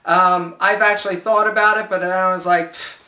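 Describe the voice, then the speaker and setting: A man's voice: high-pitched, fairly quick. A man giving casual style advice in a joking, sarcastic vlog. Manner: joking, sarcastic, animated asides. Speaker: style vlogger. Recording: echoey room.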